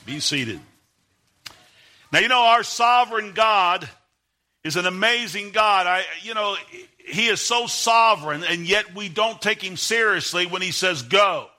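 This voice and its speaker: A middle-aged man preaching as a guest pastor, emphatic and building to sudden shouts, reading scripture in old King James wording. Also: sits high, lively intonation, unhurried. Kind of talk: Baptist sermon.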